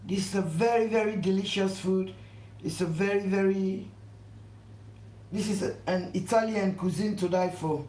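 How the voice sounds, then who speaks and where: A woman's voice: mid-range voice, moderate pace, warm tone. A woman hosting a live cooking stream from her home kitchen, talking effusively and repeating herself as she keeps urging viewers to subscribe. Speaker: cooking channel host. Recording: echoey room with faint background noise. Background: faint household noise.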